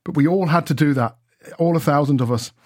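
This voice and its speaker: A man's voice: on the high side, fairly quick, darkish tone, no echo, clean studio sound. A middle-aged man talking in a casual radio chat, enthusiastic and chatty with many fillers. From Ireland. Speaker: radio reporter.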